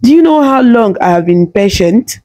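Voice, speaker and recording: A woman voicing a kind, loving old village grandmother who talks warmly and slowly in a storybook tale. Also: fairly high pitch, animated, close to an everyday voice. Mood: warm teasing. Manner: warm, teasing, slow.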